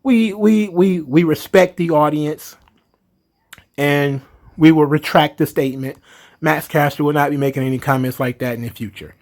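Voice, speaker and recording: A man voicing an evasive corporate male wrestling boss, flat, placating and mock-formal. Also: on the high side, moderate pace, pitched below the performer's own voice, lightly acted.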